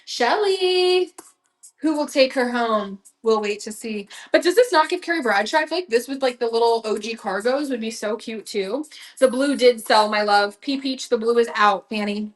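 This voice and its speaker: A woman's voice: fairly high pitch, normal speed. Bubbly young woman selling clothes live. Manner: bubbly, chatty, giggly, slangy. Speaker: live-stream clothing seller. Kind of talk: casual live-sale chat.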